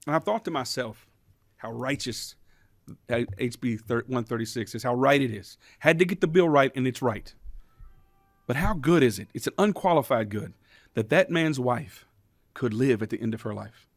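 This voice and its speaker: A man's voice: medium pitch, expressive, brisk, pauses often, no echo, studio quality. A man, a state representative giving impassioned committee testimony, telling stories and building to emphatic questions. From Kentucky. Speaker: state representative, bill sponsor.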